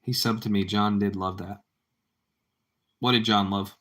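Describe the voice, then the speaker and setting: A man's voice: on the low side, fairly even intonation, unhurried, fairly bright tone. A man chatting casually with his livestream viewers, rambling and repeating himself, and calling them bro. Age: adult parent. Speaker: livestream host.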